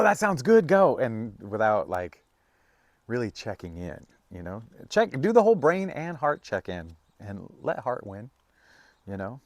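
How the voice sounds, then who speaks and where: A man giving a casual, rambling tarot reading, full of fillers and restarts, now and then breaking into high, playful bursts. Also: no room sound. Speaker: tarot reader.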